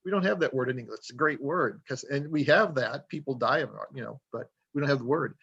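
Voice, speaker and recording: Gravelly man, rambling author guest. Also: medium pitch, fast, a bit bright, highs cut off. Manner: rambling, storytelling, self-deprecating. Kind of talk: casual podcast conversation.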